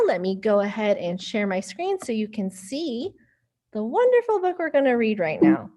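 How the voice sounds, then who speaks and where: A woman runs a children's storytime over a video call, her fairly high voice swinging widely in a sing-song. She asks the little listeners questions and talks slowly and clearly. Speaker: children's librarian. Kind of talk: online storytime reading.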